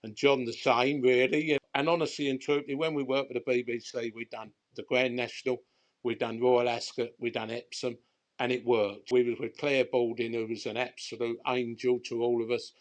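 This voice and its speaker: A man's voice: medium pitch, flat delivery, normal speed. An older man with a London accent tells rambling stories about his life in betting, in a loose, colloquial way. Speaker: guest bookmaker. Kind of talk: casual storytelling chat.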